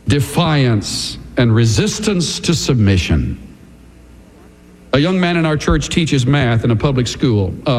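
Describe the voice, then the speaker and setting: A male pastor delivering a sermon, preaching dramatically with sweeping swings of pitch and emphatic pauses. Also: a little mellow, in a large hall.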